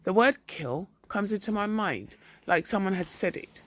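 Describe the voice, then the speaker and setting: A reader doing a flat, depressed husband. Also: mid-range voice, voice pushed up, natural voice. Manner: slow flat monotone. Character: depressed middle-aged husband, flat and dull.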